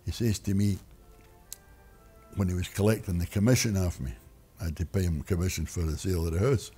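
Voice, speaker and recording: Older man, retired, deep voice, husky, rambling storyteller. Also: steady tone, a little fast, warm tone, faint music behind. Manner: rambling, restarts sentences, wry. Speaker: interviewee.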